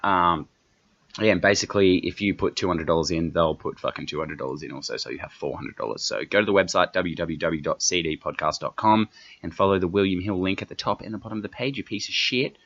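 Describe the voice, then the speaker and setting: A young Australian man with a very deep but sharp, bright voice hosts a solo comedy podcast. He rambles and swears nonstop in a brash, offhand way, and the recording sounds slightly dull and lo-fi. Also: fast. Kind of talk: profane solo podcast rant.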